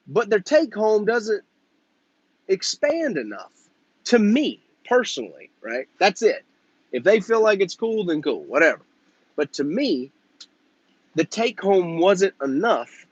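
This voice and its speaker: Male business vlogger, somewhat high voice, blunt and profane, acts out dialogue in quick voices; slightly muffled lo-fi sound. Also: slightly rough, no room sound. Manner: blunt and profane, peppered with "okay?" and "right?". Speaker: softwash business owner and channel host. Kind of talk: casual business advice talk.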